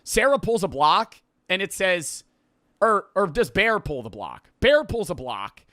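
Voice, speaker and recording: A man casually retelling a movie plot in a rambling, profane, animated way with quick asides. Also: sits high, dry recording, studio quality. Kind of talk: casual storytelling.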